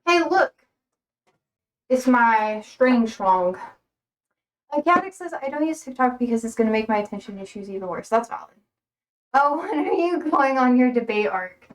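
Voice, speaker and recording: A young woman with a high voice chats loosely on a livestream, full of fillers and quick laughs. She rambles from one thought to the next. Her voice sits slightly back from the mic. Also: expressive, far from the mic. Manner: chatty, laughs often, rambling with many fillers. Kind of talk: casual livestream chat.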